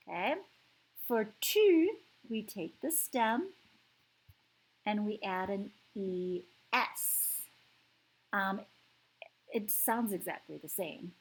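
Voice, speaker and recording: A woman giving an online language lesson at an unhurried pace. Her voice is soft and a bit breathy, and she explains each step patiently, repeating words for practice. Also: medium pitch, rough recording. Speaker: French teacher.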